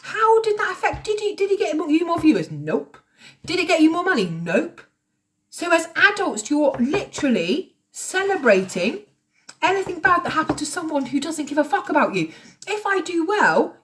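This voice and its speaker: A woman in her late thirties rants at home on TikTok Live, confrontational, sarcastic and swearing freely. Her voice is very high-pitched and very animated, moving at a moderate pace through the heated stream.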